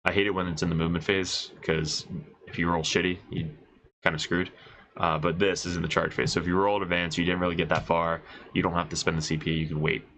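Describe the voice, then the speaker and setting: Congested low-voiced man, excited rules talk. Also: fast talker, slight background noise, low-quality recording. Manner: excited, swearing, thinking aloud while reading rules. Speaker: wargaming video host reviewing rules. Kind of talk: casual rules breakdown.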